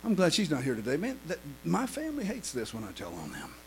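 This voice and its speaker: A pastor preaching a fervent sermon, filling pauses with "uh" and swinging between loud cries and hushed storytelling. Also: male voice, a little high, wildly swooping pitch, a little hiss or hum, rough recording.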